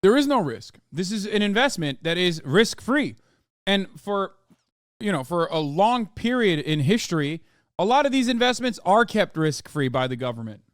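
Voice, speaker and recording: A male streamer in loose, profane commentary, cutting into clips with blunt asides to his viewers. His voice is smooth and resonant and sits a little high. The sound is dry and close to the mic. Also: big pitch swings, normal speed, no echo. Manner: blunt, swears freely, mocking asides to chat. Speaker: streamer reacting to videos.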